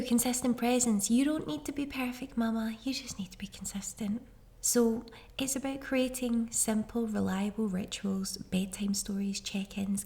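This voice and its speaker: She's a podcast host in her thirties giving casual parenting advice, speaking straight to the parents listening in a chatty, reassuring way. Her voice is mid-range and mellow, with some vocal fry.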